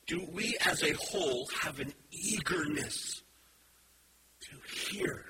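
A preacher man with a fairly high voice delivers a sermon from a church stage. He talks in a relaxed, storytelling way, then climbs into loud, emphatic urging. The recording carries clear background noise. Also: takes it slowly. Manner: animated, builds to emphatic exhortation. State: has a headache.

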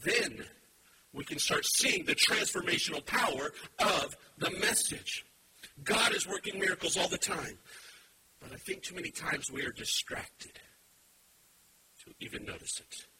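Animated high-voiced preaching man. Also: unhurried. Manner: emphatic preaching, swinging from quiet asides to shouting. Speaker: pastor. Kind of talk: sermon. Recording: steady background hiss.

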